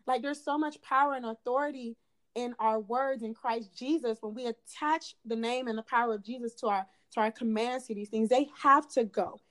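Young woman guest, slightly high voice, earnest and preachy, repeats lines for emphasis. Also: moderate pace, fairly bright tone. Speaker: podcast guest, PA student. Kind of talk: faith-based podcast conversation.

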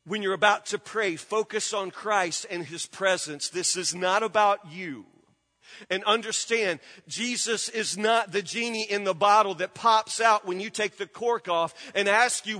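A man's voice: high voice, measured pace, pushed and bright. A man preaching as a pastor, earnest and direct, repeating his points and appealing straight to his listeners. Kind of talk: sermon. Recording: long hall reverb.

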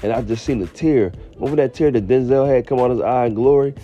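A man's voice: medium pitch, fast talker, dark tone, close to an everyday voice. A man voicing a brash, blunt woman coworker who tells her story in a matter-of-fact, slangy, unashamed way, with slightly muffled audio and faint music.

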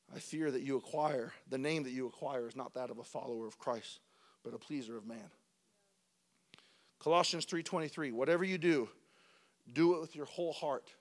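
High-voiced man preaching a sermon. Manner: builds from quiet talk to loud, sing-song preaching; rapid lists of short repeated phrases. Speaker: pastor.

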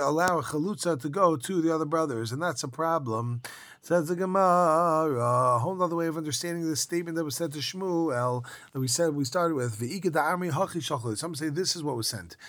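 A man teaching a Talmud lesson, reading the text aloud and translating it in a quick, informal, lively way. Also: fairly high pitch, no room sound. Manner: quick, informal, lively explaining with yeshiva slang.

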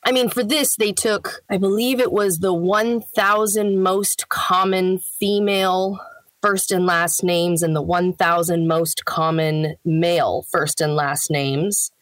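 An American woman in her thirties talks casually in an interview, explaining her work in a fluent, amused way. Her voice sits on the low side and sounds close and dry, with no room around it. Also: steady tone, takes it slowly, dry recording. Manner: chatty, explanatory, laughs easily. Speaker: voiceover actor guest.

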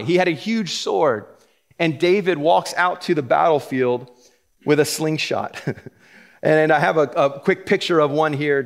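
A middle-aged man preaching a sermon from the pulpit in a casual, joking way. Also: on the high side. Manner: casual and joking, laughs between points. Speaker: pastor. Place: church sanctuary.

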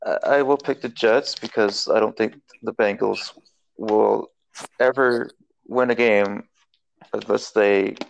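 Man, low gravelly voice, slow hesitant sports talk, casual picks. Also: steady tone, slight background noise, poor audio. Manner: slow, hesitant, many fillers and restarts. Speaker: co-host making football picks.

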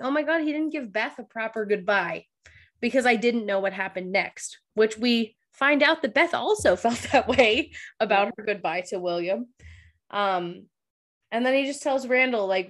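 Woman podcaster rambling emotionally, voice a bit high, casual chat. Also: expressive, moderate pace, a bit bright. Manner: emotional, talkative, laughs and gets teary. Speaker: podcast co-host. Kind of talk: casual chat recapping a TV episode.

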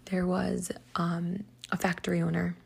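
Creaky-voiced woman telling a story. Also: on the low side, completely flat delivery, a little slow. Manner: chatty, filler-heavy, lots of "like" and "um". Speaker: podcast host teaching Psalms. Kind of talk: casual storytelling lesson.

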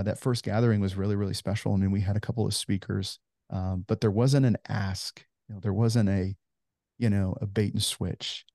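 Earnest founder in his forties: low, dry, close voice, chatty interview storytelling. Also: vocal fry, mellow, no room sound. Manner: earnest storyteller, heavy on "you know" fillers. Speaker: ministry founder, guest.

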